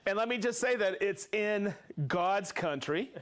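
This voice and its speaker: A man hosting a live tool demonstration show, talking casually with jokes and quick bursts of speech. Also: sits high, a bit bright. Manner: jokey, upbeat, quick bursts of talk. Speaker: host of a tool demo show. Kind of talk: casual live demo chat.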